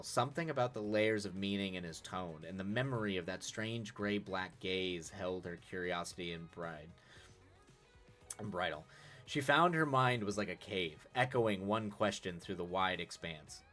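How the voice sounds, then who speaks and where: A very deep-voiced male streamer reading a story aloud on a live stream, breaking off for casual, chuckling asides. Faint music plays behind him as he fixes his own slips. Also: expressive, moderate pace, a bit bright.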